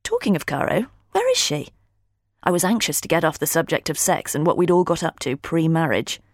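A woman, reading a first-person audiobook with expressive storytelling. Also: deep voice, no room sound, clean studio sound. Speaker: audiobook narrator.

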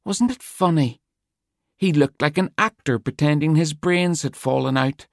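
A man's voice: fairly high pitch, measured pace, vocal fry, no echo, pitched above the performer's own voice. A cold medieval knight barks orders and mocks with a lazy, sneering drawl, his voice raised above the reader's usual tone. A man acts him out. The sound is dry and close, like a storybook reading. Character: cold, mocking medieval male knight leader.

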